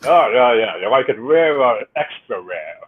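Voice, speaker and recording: A man's voice: medium pitch, sing-song, normal speed, breathy edge, phone-quality sound. A man playing a tabletop game, trading laid-back jokes in casual chat. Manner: laid-back, joking banter. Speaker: player.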